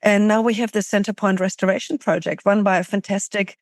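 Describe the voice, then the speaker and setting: A woman's voice: mid-range voice, steady tone, brisk, dry recording, clean studio sound. A middle-aged woman from Germany, a journalist guest speaking earnestly and thoughtfully in a podcast interview, often restarting her sentences.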